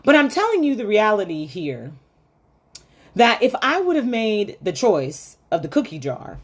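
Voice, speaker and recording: A woman's voice: medium pitch, wildly swooping pitch, unhurried, breathy edge. A middle-aged woman hosting a motivational faith-based talk, telling stories in a chatty way with many asides and frequent laughs. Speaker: host of a women's faith talk.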